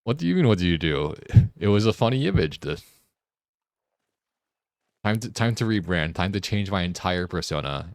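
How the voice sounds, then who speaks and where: A man streaming a game, chatting casually, joking and laughing often, and getting excited as he rambles. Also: low voice, normal speed, long pauses, no echo, studio quality. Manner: gets excited and rambling when riffing. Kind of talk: casual live-stream chat while gaming.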